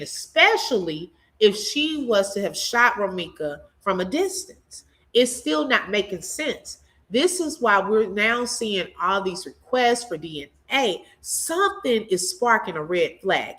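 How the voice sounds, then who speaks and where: Bright-voiced animated woman commentator. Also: mid-range voice. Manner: animated and chatty, laughs often, talks straight to viewers. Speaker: channel host reacting to a court case. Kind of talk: casual live commentary, reading viewer comments.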